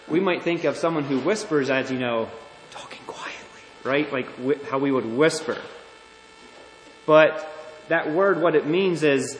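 A male pastor delivers an earnest, deliberate sermon in a slightly raised voice. His words ring out with long reverb, as if in a large church sanctuary. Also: on the high side. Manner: earnest, deliberate preaching with restarts. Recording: echoey hall.

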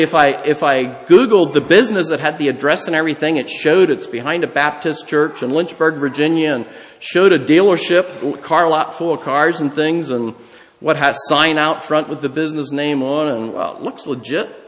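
A man's voice: fairly high pitch, normal speed, a bit bright, big-room sound. A man preaching a sermon, moving from a folksy, conversational personal story into a teaching on scripture. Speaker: pastor.

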